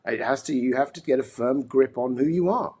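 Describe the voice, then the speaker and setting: Husky-voiced posh English man, earnest. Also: mid-range voice, a little fast, dark tone. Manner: thoughtful, many restarts and fillers, earnest. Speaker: podcast guest, mental health advocate. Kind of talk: reflective conversational interview.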